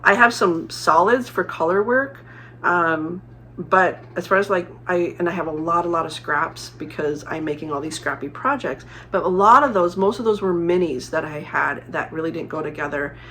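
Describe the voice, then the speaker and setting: A woman's voice: deep voice, normal speed, sharp tone, slight background noise. A middle-aged woman from Arizona chatting casually as a crafting vlogger, rambling with many fillers and restarts. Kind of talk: casual chat.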